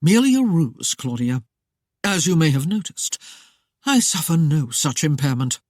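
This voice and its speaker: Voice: medium pitch, sing-song, no echo, clean studio sound. A narrator as a cool, commanding nobleman. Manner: soft, measured and coolly mocking. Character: calm, commanding young nobleman. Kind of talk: audiobook character voice.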